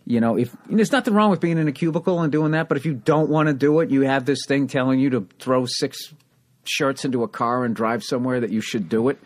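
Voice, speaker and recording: Man, about fifty, podcast host. Candid, chatty, swears freely, medium pitch. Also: fast. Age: around 50. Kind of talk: casual interview chat.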